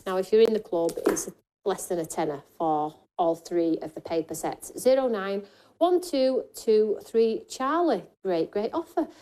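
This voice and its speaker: Cheerful female host for a live shop-at-home craft segment, jokey and chatty, pitching offers. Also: animated, a little slow, dark tone, slight background noise. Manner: chatty, jokey, reads out viewer comments. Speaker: shopping show host. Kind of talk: live craft shopping presentation.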